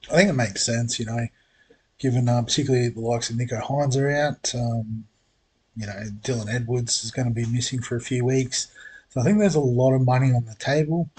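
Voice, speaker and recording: A man's voice: mid-range voice, steady tone, a little fast, darkish tone, husky. A man hosting his fantasy sports channel, talking casually and thinking aloud with plenty of ums and uhs, with the hiccups. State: has the hiccups. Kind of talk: casual solo preview talk.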